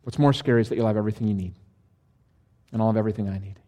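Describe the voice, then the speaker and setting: A man's voice: on the low side, rapid-fire, mellow. A male pastor preaching a sermon, reading scripture and dropping dry, sarcastic asides. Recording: long reverb of a large hall.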